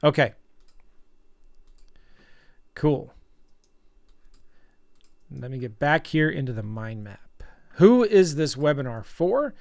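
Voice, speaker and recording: A man teaching a live online webinar, telling stories and rallying viewers with an energetic, upbeat manner. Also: fairly high pitch, slow pace, vocal fry, long pauses, no room sound. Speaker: real estate investing coach.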